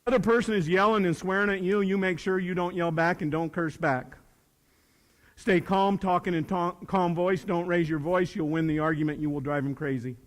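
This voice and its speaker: A man in his sixties, a retired teacher, gives a folksy, plainspoken talk to high school students, swinging from loud to hushed. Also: steady tone, moderate pace. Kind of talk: motivational speech to students. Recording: long reverb of a large hall.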